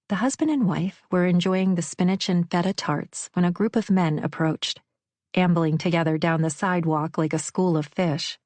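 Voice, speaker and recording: An audiobook narrator, a woman with a fairly low voice, reads a romance novel aloud in measured storytelling style from a script. Her tone is a little mellow, and the recording is dry and close-miked, with no echo or room sound at all.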